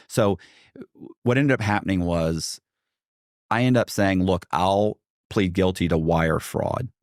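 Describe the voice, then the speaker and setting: A man's voice: low-pitched, normal speed, dry recording, clean studio sound. A man guest in a podcast interview, telling a long story animatedly and acting out what others said, with many fillers and restarts.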